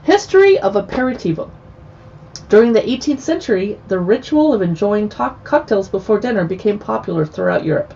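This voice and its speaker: A woman's voice: medium pitch, lively intonation, fairly quick, vocal fry, warm tone, lo-fi sound, a little hiss or hum. A woman hosting a casual livestream chat, chatty and playful with joking asides. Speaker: livestream host.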